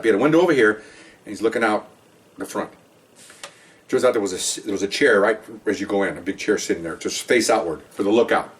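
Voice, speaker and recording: A man, a veteran police officer, telling a story from his career in a rambling way and acting out the quotes. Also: lowish voice. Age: older. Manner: rambling, animated retelling with acted-out quotes. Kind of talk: casual storytelling. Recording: voice a bit far from the mic.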